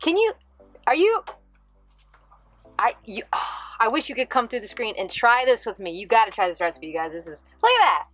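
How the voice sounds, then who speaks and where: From a small camper van kitchen, a woman cooking vlogger with a medium-pitched voice talks a little fast in a dry recording. Her casual cooking demonstration is excitable, playful, and exclamatory, and she addresses viewers directly.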